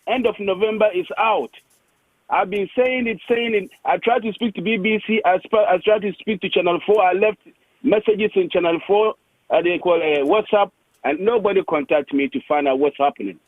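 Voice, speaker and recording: A man's voice: high-pitched, normal speed, dry recording. Laughing man on a tinny phone line. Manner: laughing, rambling, repeats himself. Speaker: caller. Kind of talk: phone-in call.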